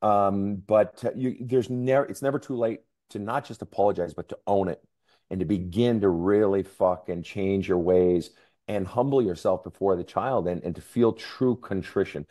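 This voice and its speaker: A man's voice: sits low, normal speed, warm tone. A man, a counselor and author, speaking candidly as a podcast guest, emphatic and profane, his voice climbing when he gets worked up. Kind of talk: candid interview storytelling.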